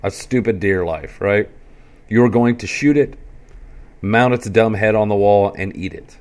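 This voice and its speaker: Male podcast host, lowish voice, rambling sarcastic monologue, crude and full of filler. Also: unhurried, darkish tone. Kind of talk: casual profane monologue.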